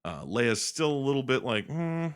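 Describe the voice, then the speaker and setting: A man retelling a film in casual chat, animated and swearing, slipping into quick impressions of the characters. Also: on the low side. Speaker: co-host. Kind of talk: casual movie recap chat.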